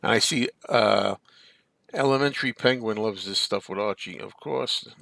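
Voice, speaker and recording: A man's voice: fairly low pitch, normal speed, creaky, sharp tone, no echo. A man hosting a casual live-stream chat, rambling and answering viewer comments. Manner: rambling, chatty, reads viewer comments aloud. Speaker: show host.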